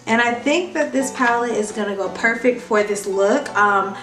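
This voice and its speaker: A woman's voice: fairly high pitch, normal speed, a bit bright. A woman beauty vlogger talking through a casual makeup tutorial in a chatty, sing-song tutorial voice. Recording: echoey room, distant mic, music behind.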